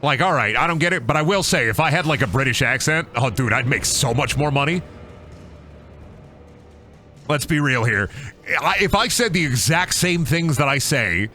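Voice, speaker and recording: A man's voice: medium pitch, sharp tone. A young man from Iowa with an Iowan accent, streaming a game with rambling, joking, profane commentary. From Iowa, USA. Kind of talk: casual gaming commentary.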